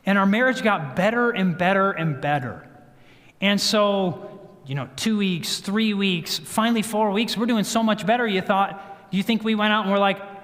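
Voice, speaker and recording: A man with a high voice, speaking at normal speed, is a guest speaker giving a sermon-style health talk in a church sanctuary, with church hall reverb on the recording. He tells a story in an animated way, acting out what people said.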